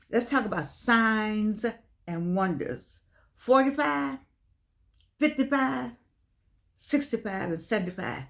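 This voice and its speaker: An older woman speaks in a solo vlog. She talks emphatically and preachily, hammering her points home by repeating phrases. Her voice sits at an ordinary middle pitch for a woman. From United States. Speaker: vlogger. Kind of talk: impassioned monologue.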